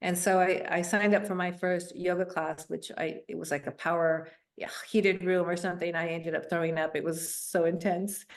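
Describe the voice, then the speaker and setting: A middle-aged woman, a guest on a show, telling her personal story in an earnest, reflective way, with soft laughs and fillers. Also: on the low side, fairly even intonation, moderate pace, few pauses.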